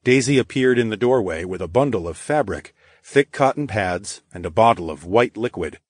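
A man narrating a first-person audiobook in a steady, measured way. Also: fairly low pitch, no echo, studio quality.

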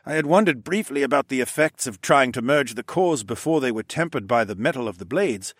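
A man's voice: mid-range voice, animated, fairly quick, a bit bright, husky, dry recording, clean studio sound, pitched above the performer's own voice. A man voicing a wry, roguish young man, weak and thready from injury.

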